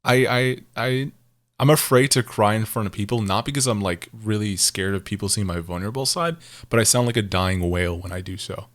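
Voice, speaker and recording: A man's voice: lowish voice, a little fast. A man co-hosting a podcast in casual chat, rambling through his points with frequent laughter and casual swearing. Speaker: podcast co-host.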